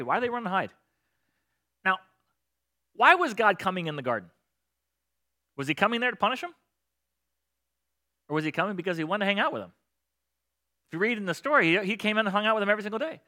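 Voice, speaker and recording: A man preaching a sermon, lively and talkative, often checking in with the crowd with "right?" and acting out voices of the characters. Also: high-pitched. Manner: animated, acts out voices of God and children. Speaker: pastor.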